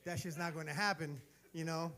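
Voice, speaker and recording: A man's voice: fairly high pitch, brisk. A man in his forties doing a profane stand-up set, telling stories and acting out the voices of the people in them. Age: 40s. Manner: animated, profane storytelling that acts out voices. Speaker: stand-up comedian. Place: live comedy venue.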